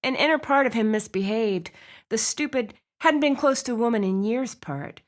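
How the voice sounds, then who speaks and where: A woman's voice: fairly high pitch, normal speed. Woman narrating a romance audiobook. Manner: expressive storytelling. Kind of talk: scripted narration.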